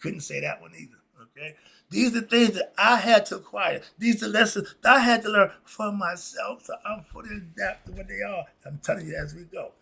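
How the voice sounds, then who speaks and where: A man's voice: high-pitched, a little fast, creaky, pushed and bright, breathy edge. A man casually reading a list of moral principles and commenting in a laid-back, chuckling way, with loose slang. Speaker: host.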